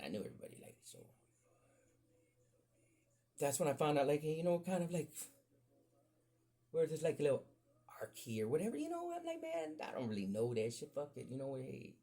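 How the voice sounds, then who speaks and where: Gravelly, husky man telling profane stories. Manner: profane, animated storytelling that jumps up high in pitch when excited. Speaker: podcast host. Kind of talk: casual storytelling.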